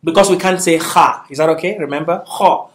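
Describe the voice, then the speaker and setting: A patient male Arabic teacher gives a classroom lesson in an echoey room, his slightly high voice racing and picked up by a distant mic. Encouraging throughout, he drills syllables aloud and keeps checking in with his students.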